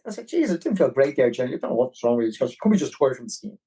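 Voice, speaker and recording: A man with a Dublin Irish accent, a podcast guest telling a long story in a rambling, animated way. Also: medium pitch, racing, breathy edge, poor audio. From Ireland. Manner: animated, rambling, with many restarts. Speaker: podcast guest, marathon runner. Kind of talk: casual storytelling.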